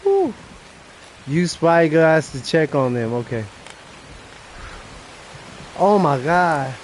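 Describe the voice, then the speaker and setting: Slow-talking excitable male game streamer. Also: on the high side, a little hiss or hum, poor audio. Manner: excitable, nervous exclamations while playing. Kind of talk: live gameplay commentary.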